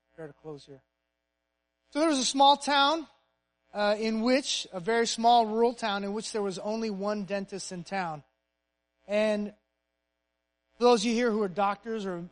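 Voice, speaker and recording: A male pastor preaching a sermon, punching key phrases and dropping to a soft, hushed voice in prayer. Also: high voice, poor audio.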